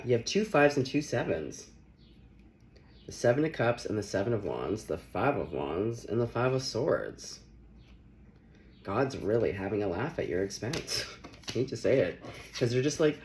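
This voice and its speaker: A young man gives a loose, joking tarot reading and keeps breaking into laughter. His voice is low with a gravelly edge. His pitch rises and falls widely as he talks. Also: slight background noise. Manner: playful, laughing, animated. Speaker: tarot reader. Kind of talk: casual tarot reading vlog.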